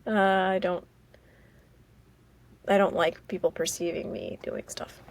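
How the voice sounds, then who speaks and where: An American woman from Maryland hosting a casual solo podcast, rambling and halting with many fillers. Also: fairly low pitch, steady tone, slight background noise. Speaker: podcast host.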